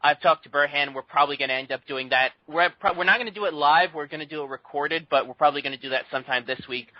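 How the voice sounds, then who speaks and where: A man co-hosting a casual gaming podcast talks in a chatty, self-deprecating way. His voice sits a little high. The sound is dry and dull, like a lo-fi call. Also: fast talker, no room sound. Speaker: podcast co-host. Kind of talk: casual panel chat.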